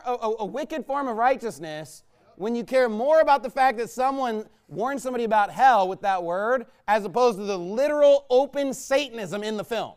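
A man's voice: very high voice, expressive, moderate pace, clear, resonant tone. A male pastor preaching a fiery sermon in a combative, sarcastic way, mocking imagined critics.

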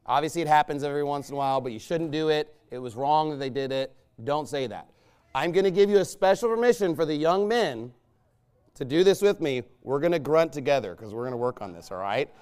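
A man, a pastor, delivering a sermon in a blunt, emphatic and scornful way, with loud bursts. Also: a little high, clean tone.

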